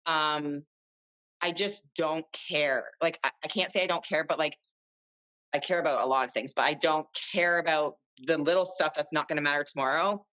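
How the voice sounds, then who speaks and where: Woman in her thirties, low bright voice, chatty and rambling, dull lo-fi audio. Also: normal speed. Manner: chatty, rambling with many fillers. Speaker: podcast guest. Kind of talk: casual chat.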